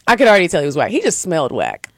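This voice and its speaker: Animated young woman telling a story. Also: racing. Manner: animated, acts out quotes with big pitch jumps, swears freely. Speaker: podcast co-host. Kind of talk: casual storytelling chat.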